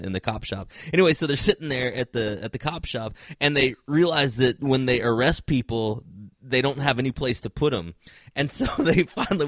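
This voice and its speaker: A man's voice: medium pitch, dry recording, clean studio sound. A man co-hosting a casual podcast, telling a long funny story and laughing through it. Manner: animated storyteller, laughs through his stories, yells quoted lines. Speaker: podcast co-host.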